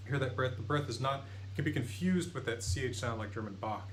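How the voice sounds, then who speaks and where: A man's voice: medium pitch, fairly quick, few pauses, a little hiss or hum, poor audio. A man teaching pronunciation in a lesson video, patiently demonstrating each sound. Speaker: language teacher.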